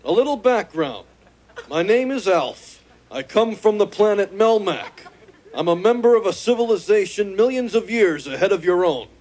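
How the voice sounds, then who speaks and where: A man voicing a cocky, cheeky male alien in a sitcom, with a nasal, gravelly voice and brash, joking comebacks. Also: high voice, expressive, normal speed, darkish tone. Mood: wisecracking. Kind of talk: sitcom acting with laugh track.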